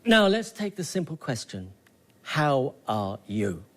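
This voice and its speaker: Brief: a man as a slow, florid, sneering drama tutor. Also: medium pitch, big pitch swings, fairly bright tone. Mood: lecturing. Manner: theatrical, scornful, declaiming. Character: pompous male acting coach. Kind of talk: comedy sketch character.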